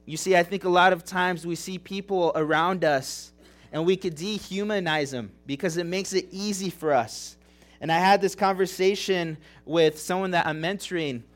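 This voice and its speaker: A young man preaching a sermon as pastor, earnest and emotional, repeating phrases and asking rhetorical questions. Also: high voice. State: tearing up.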